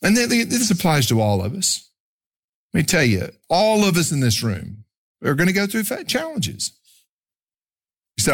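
A male pastor preaching a sermon, lively and emphatic, shifting from shouts to quiet storytelling. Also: moderate pace, pauses often, slightly rough. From Oklahoma. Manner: animated preaching, swings from loud shouting to low storytelling. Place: church room with congregation.

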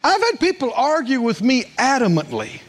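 Speaking at a normal speed, a pastor with a very high-pitched voice whose pitch swoops wildly delivers a sermon. He tells stories, voicing the quoted characters, and puts questions to the congregation.

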